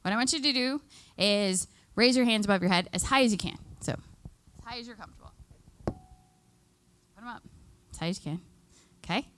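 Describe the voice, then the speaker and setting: A woman's voice: mid-range voice, lively intonation, a little fast, long pauses, a bit bright, slight background noise. A woman giving a live workshop to seniors, chatty and upbeat, leading the group through exercises and laughing often. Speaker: extension educator.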